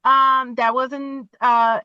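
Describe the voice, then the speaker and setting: A woman in her forties, a podcast guest talking from her car, telling her own story in an animated way and acting out what she said. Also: high-pitched, slow, clear, resonant tone, no echo, muffled recording.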